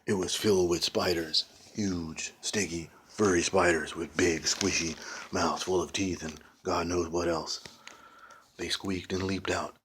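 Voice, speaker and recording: A man's voice: sits low, fairly even intonation, a little slow, fairly bright tone, a little hiss or hum. A man reading a children's ghost story aloud, adding playful casual asides. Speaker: reader of a children's book.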